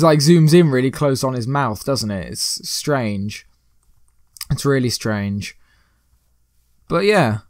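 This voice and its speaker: A man hosts a let's play, giving rambling, joking gameplay commentary packed with puns. His medium-pitched voice is recorded with studio quality and no echo.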